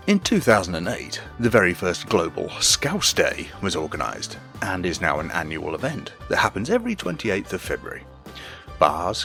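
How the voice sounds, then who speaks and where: Low british guy reading his podcast bit, dry jokes, voice swings up and down, faint music under. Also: fairly bright tone. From Britain. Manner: dry, wry asides. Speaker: podcast co-host. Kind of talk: scripted segment read-out.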